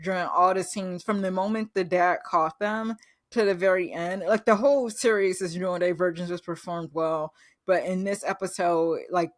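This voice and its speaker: A woman's voice: lowish voice, steady tone, normal speed, dry recording. A woman host gushing through a casual recap review, losing her words and acting out quoted lines.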